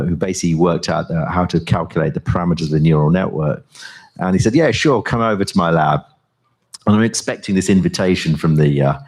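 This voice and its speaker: An older man, a professor, giving a conference talk and then chatting onstage, with halting speech full of fillers and restarts. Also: deep voice, darkish tone. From England.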